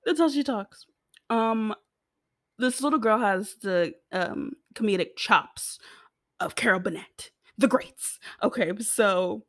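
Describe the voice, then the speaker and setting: A woman's voice: medium pitch, a bit bright, no echo, studio quality. A young American woman giving a casual, rambling TV recap, giggling and swearing freely as she talks. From United States. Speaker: TV show reviewer.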